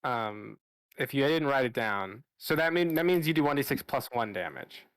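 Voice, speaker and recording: A man narrating as game master of a tabletop game, casual and halting, with restarts and fillers. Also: medium pitch, animated, fairly bright tone, no room sound.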